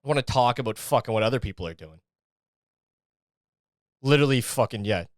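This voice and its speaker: A man's voice: mid-range voice, expressive, a little fast, dry recording, studio quality. A young man hosting a solo podcast, ranting in a sarcastic, profane, casual way. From Canada. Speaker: podcast host.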